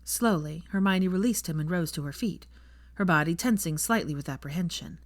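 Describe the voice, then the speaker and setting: A woman narrating a fan fiction audiobook in an expressive storytelling manner. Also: on the low side, brisk, no room sound.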